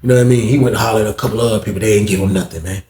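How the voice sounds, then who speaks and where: A man telling a prison story casually, acting out other voices and getting loud when excited. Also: very fast. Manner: acts out other people's voices, jumps high when excited. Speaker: storyteller recounting prison life. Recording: echoey room.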